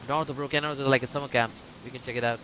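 A man, playing along and calmly giving directions in casual game chat. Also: medium pitch, rapid-fire. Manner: laid-back, giving directions. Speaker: fellow player. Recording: noisy background.

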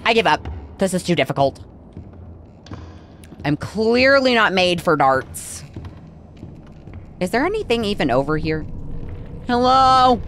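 A woman's voice: mid-range voice, very animated, slow, pauses often, fairly bright tone, slight background noise. A woman playing a horror game and chatting through it, talking to the characters and reacting with surprise. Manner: chatty, talks to the game, easily startled. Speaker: gaming channel host. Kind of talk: let's play commentary.

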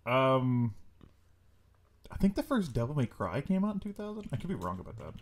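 A man co-hosting a casual gaming podcast, playful and goofy, quick to tease and laugh. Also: medium pitch, huge pitch swings. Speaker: podcast co-host. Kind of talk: casual chat.

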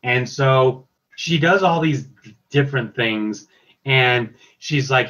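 A man's voice: medium pitch, slow pace, a bit bright. A man hosting a casual review chat, recapping scenes in a loose, filler-heavy way. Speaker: host reviewing a cartoon episode. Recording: dull lo-fi audio.

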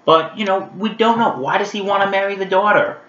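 A man's voice: sits high, fairly quick. Chatty man vlogging in a roomy room. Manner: chatty and animated, many fillers, talks straight to viewers. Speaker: vlogger reviewing animated specials. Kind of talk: casual review vlog. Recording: roomy, dull lo-fi sound.

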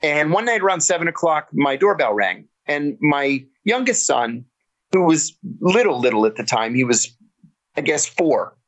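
A middle-aged man with a slightly higher-than-usual voice, talking as a podcast guest. He tells anecdotes in an animated, casual way. He often backs up and restarts his sentences. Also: normal speed. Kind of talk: casual interview storytelling.

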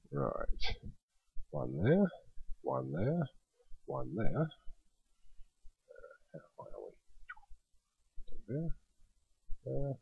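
A man's voice: mid-range voice, creaky, breathy edge, no room sound, narrow, tinny audio. A man hosting a let's play, chatting casually and thinking aloud as he builds in a game.

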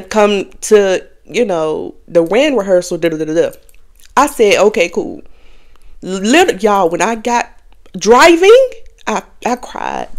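A young adult woman hosting a podcast, talking candidly and casually to her viewers, often laughing. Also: mid-range voice. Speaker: podcast host. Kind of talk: casual confessional chat.

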